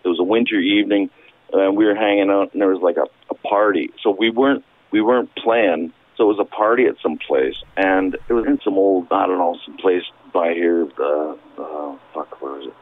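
A man's voice: sits low, brisk, no room sound. A man who drummed in a punk band, rambling through a story with lots of swearing and laughter, heard over a phone call. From Canada. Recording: dry tinny phone line.

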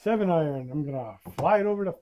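A man's voice: fairly high pitch, expressive, fast, dull audio, faint music behind. A man co-hosting a casual simulator golf session, crude and joking, swearing freely while he needles and coaches his niece. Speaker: co-host, the uncle. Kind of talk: casual banter over a game. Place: indoor golf simulator room.

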